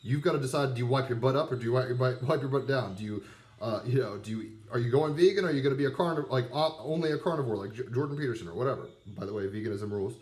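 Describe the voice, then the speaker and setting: A man's voice: mid-range voice, very fast, darkish tone. A man in his thirties giving a rambling, casual tarot pep talk full of fillers and asides. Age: 30s. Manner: rambling, conversational, many fillers. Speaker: tarot reader. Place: abroad with dogs nearby.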